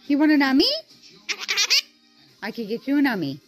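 A woman's voice: high-pitched, very animated, normal speed. A woman talking baby talk to her pet, cooing and teasing in a sing-song way. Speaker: pet owner. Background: music.

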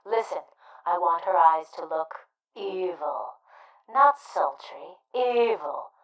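A woman performing a bossy, flamboyant film director who shouts orders at the crew in an audio play. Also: lowish voice, slow, voice pushed down. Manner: commanding, flamboyant, calls out to crew. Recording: roomy, distant, dull sound.

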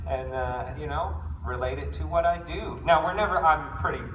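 A man's voice: fairly high pitch, moderate pace, highs cut off. A man speaking as a guest at a convention panel, joking and chuckling through his answers, recorded from the audience on a phone. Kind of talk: casual convention panel talk. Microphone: phone in the audience, far off. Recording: echoey room, far-off phone audio, noise.

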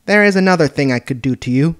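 An imperious little mistress who runs her railway with a hard hand, as a man puts her on. She scolds in a voice pitched a touch higher than his own, with a cold, threatening edge. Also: lively intonation, quick pace, close to an everyday voice. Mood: stern threatening. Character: haughty little mistress, stern railway controller.

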